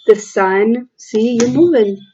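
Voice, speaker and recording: A woman giving a tarot reading from a room at home, talking in a slow, halting, reflective way with many fillers. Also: on the high side, dark tone, slightly rough, muffled recording. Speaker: tarot reader.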